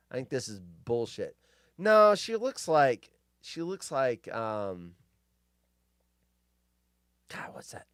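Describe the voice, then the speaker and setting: Animated, crude-talking male streamer. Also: a little high, dry recording, clean studio sound. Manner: crude, rambling asides with frequent swearing; animated, jumps between loud outbursts and mutters. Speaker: live-stream host. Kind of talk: casual live-stream commentary reading news stories.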